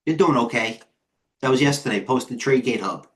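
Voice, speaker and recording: A middle-aged man, the host of a live trading stream, talks quickly and excitably as he moves from chart to chart. His voice sits at a medium pitch. He breaks off to greet viewers in the chat by name. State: out of breath. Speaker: host and head trader.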